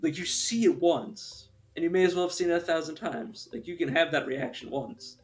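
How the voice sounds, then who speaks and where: A man's voice: on the high side, normal speed, soft background music. A young man chatting casually on a live stream, rambling through his opinions, swearing and laughing often.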